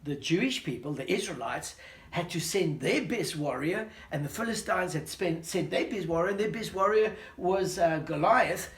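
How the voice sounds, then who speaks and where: Brief: a storyteller man retelling a Bible tale for kids, animated, asks questions, roomy sound. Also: high-pitched, moderate pace. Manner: animated, questioning, talks to a listener. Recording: roomy echo.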